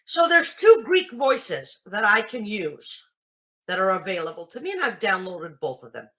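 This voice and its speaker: A woman's voice: medium pitch, sing-song, normal speed, sharp tone. A woman hosting a tutorial, explaining things patiently and checking in with her listeners. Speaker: host. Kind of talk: screen reader tutorial.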